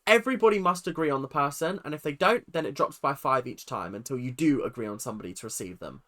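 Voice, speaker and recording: A young man casually ranting through a reality TV recap, chatty and animated, mocking people with quick impressions. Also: mid-range voice.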